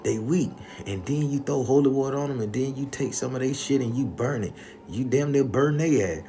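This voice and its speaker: A man's voice: mid-range voice, fairly quick, warm tone, a little hiss or hum, pitched above the performer's own voice, close to an everyday voice. A man voicing a stern old grandmother who gives blunt, profane orders. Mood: commanding. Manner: bossy, profane scolding.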